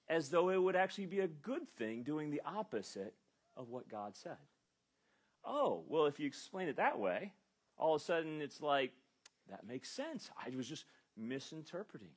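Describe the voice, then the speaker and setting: A man preaching a sermon in church, with a husky, slightly breathy voice. His pitch rises and falls a lot as he leans into his points and acts out quoted speech. The delivery is emphatic and conversational. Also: very animated, moderate pace. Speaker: pastor. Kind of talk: expository sermon.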